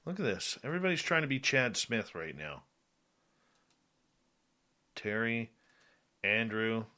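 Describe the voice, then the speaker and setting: Bright-voiced male talk radio host. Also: fairly low pitch, very animated, unhurried. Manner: chatty, reads out chat names. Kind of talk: casual talk radio chat.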